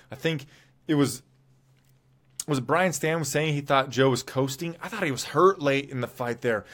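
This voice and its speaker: A man's voice: medium pitch, a bit bright. A man hosting a casual fight recap show, talking in a rambling, opinionated way and correcting himself as he goes. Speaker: MMA show host.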